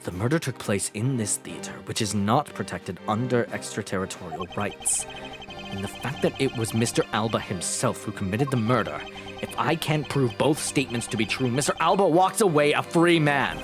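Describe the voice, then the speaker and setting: A man voicing a stern, formal prosecutor in measured, serious tones. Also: mid-range voice, lively intonation, music in the background, close to an everyday voice. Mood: grave.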